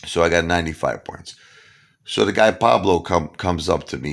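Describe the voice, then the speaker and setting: A man's voice: low voice, moderate pace, gravelly. A man from Brooklyn, telling a casual anecdote to camera and acting out the dialogue himself. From Brooklyn, New York. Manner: animated, acts out the dialogue himself. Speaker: storyteller.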